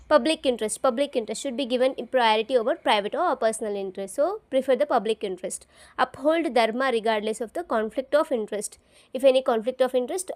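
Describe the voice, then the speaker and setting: A woman tutoring for an exam, repeating each key term several times and spelling words out letter by letter. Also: fairly high pitch. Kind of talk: study-along lesson, repeating terms aloud to memorize.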